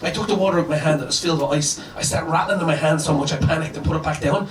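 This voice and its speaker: Fast-talking male stand-up comic, echoey club. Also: on the high side, recorded from a distance, a little hiss or hum. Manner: animated storytelling, acting out dialogue. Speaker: stand-up comedian. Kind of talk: stand-up set. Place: comedy club on a boat. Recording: echoey club with audience laughter. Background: audience laughter.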